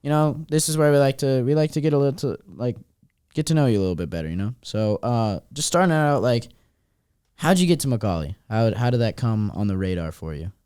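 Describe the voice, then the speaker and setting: A man's voice: medium pitch, animated, brisk, darkish tone, clean tone, dry recording, studio quality. A teenage boy hosting a student podcast, talking loosely and friendly with lots of fillers. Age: teens. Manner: loose, friendly, many fillers like "like" and "you know". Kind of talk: casual chat.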